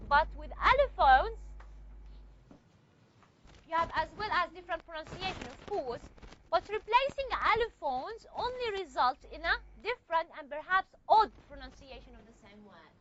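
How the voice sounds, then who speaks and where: A woman's voice: very high voice, very animated, moderate pace, a bit bright, dull audio. A woman teacher giving a classroom lecture, explaining step by step and often checking with the class.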